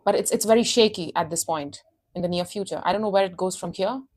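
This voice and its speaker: A woman's voice: medium pitch, fast, darkish tone. A woman giving a casual tarot reading, intense and emphatic, repeating her phrases and calling the listener honey. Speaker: tarot reader.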